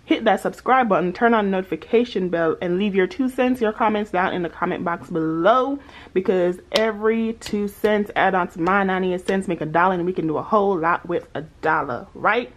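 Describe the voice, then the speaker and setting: A woman's voice: mid-range voice, brisk, slight background noise. A young woman vlogging her paycheck budget, working sums aloud and chatting to her viewers with a familiar, playful manner. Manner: chatty, talks to viewers as y'all, child, girl. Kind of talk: casual budgeting vlog, talking through calculations.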